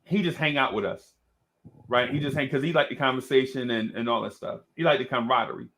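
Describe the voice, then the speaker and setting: A middle-aged man telling a story in an animated, casual way, laughing often and calling his listener "bro.". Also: mid-range voice, fast, slight background noise. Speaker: podcast host.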